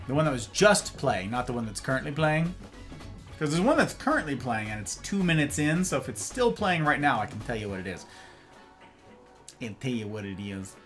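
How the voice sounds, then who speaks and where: A man's voice: mid-range voice, fairly quick. A man hosting a livestream, chatting casually and playfully with his viewers. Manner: animated, playful, reacts to chat. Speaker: livestream host. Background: faint music.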